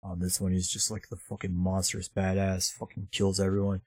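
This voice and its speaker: A man's voice: deep voice, completely flat delivery, brisk, dark tone, breathy edge, no echo, studio quality. A man casually recapping a movie in a profane, rambling way, throwing in mocking impressions. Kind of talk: casual chat.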